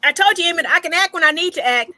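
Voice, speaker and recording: A woman hosting an online birthday chat, telling animated stories and laughing often. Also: extremely high pitch, very fast, dry recording. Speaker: host. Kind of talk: casual chat. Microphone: online call.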